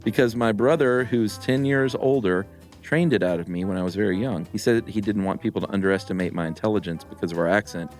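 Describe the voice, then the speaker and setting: A man co-hosting a podcast, laid-back and quick to laugh, reading listener mail in casual chat. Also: fairly low pitch, darkish tone, faint music behind. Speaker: podcast co-host.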